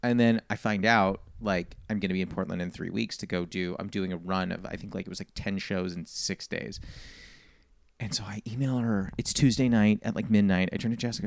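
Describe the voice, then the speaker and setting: A comedian guest on a casual podcast tells a long story, animatedly acting out and quoting the people in it. He talks fast in a low-pitched, creaky voice, captured in a dry, studio-quality recording.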